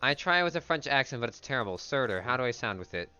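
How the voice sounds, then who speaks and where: A male player in a tabletop game, excitable and stammering as he talks. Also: medium pitch, fast, clear, resonant tone, highs cut off, faint music behind.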